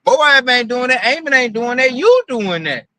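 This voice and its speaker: A man's voice: extremely high pitch, sing-song, normal speed, pushed and bright, no room sound, low-quality recording. A man preaching in a casual, emphatic and profane way, mocking his targets as he talks.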